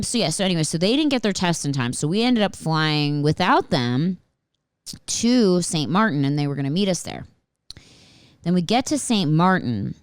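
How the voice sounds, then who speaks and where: A woman hosting a podcast, telling a story in a casual, animated way and swearing often. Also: deep voice, smooth, no room sound. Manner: animated and profane, with frequent swearing and filler words. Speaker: podcast host.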